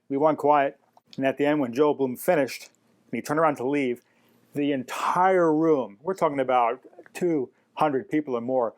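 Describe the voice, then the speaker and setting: A man telling animated anecdotes in an interview, mimicking the people he quotes. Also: mid-range voice. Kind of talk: storytelling interview.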